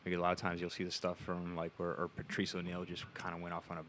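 A man's voice: low-pitched, monotone, fast, fairly bright tone, a little hiss or hum. A man co-hosting a casual podcast chat, rambling and crude, with many fillers and restarts.

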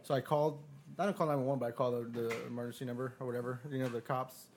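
A man telling a story on a podcast, swearing freely and throwing himself into the quoted lines of other people. His voice sits at an ordinary middle pitch, and he stumbles and restarts as he builds up to the next bit. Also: very fast, a little hiss or hum. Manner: profane, animated retelling with quoted dialogue. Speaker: podcast guest. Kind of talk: casual storytelling.

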